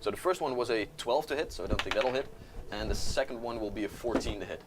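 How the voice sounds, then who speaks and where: A man narrating a tabletop role-playing game as game master, calmly describing attacks and rolls. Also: mid-range voice, fast talker, very noisy. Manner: relaxed, narrates dice results and gory descriptions.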